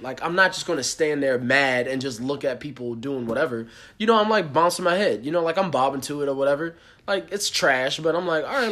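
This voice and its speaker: A young man casually telling a story on a podcast, animated and profane, acting out the people he quotes. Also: on the high side. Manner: animated, swears a lot, acts out quotes. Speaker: podcast co-host.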